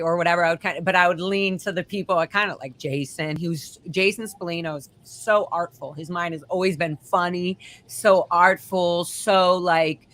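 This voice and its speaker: Bright-voiced woman rambling through a story. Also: on the low side, moderate pace. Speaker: guest. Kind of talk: casual live chat.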